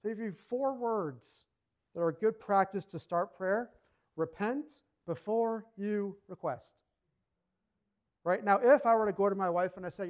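Guy preaching a sermon, kinda high voice, chatty and emphatic, acts out little quotes. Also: unhurried, darkish tone. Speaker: pastor.

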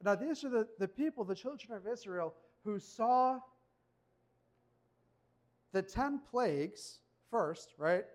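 A man with a high voice delivering a sermon. He talks in a conversational, animated way and keeps turning to the listeners with rhetorical questions. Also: takes it slowly, long pauses. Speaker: preacher.

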